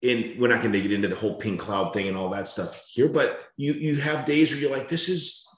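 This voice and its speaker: A man's voice: lowish voice, brisk, reverberant. A man hosting a casual interview, earnest and emphatic, repeating himself as he starts a thought. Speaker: podcast host.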